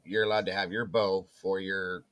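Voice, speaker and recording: The co-host has a deep voice and talks at a normal speed. He tells a story in relaxed conversation, bringing it to life by acting out the voices of the people he quotes.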